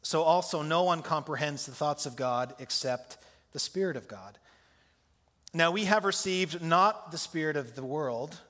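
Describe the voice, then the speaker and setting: A man's voice: fairly high pitch, sharp tone. A male pastor preaching a sermon in a conversational way, putting questions to his congregation. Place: church sanctuary. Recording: long church hall reverb.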